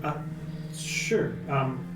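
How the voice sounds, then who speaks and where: A man's voice: medium pitch, lively intonation, very slow, distant mic. A man playing a tabletop game, speaking politely and practically as he sorts out plans. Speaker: player. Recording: echoey room from off-mic, music behind.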